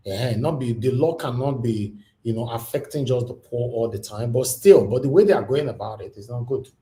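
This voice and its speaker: A Nigerian man hosts a livestream, talking through uhs and ums before pressing his points harder. His voice is warm and mellow. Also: medium pitch, a little fast. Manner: hesitant, many fillers, rising to emphatic. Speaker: livestream host. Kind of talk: livestream commentary.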